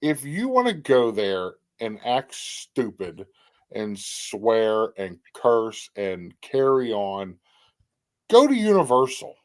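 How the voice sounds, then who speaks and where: A man's voice: fairly low pitch, wildly swooping pitch, slow pace. A middle-aged man hosting a casual livestream, greeting viewers by name and giving blunt opinions. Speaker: livestream host. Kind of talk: casual chat.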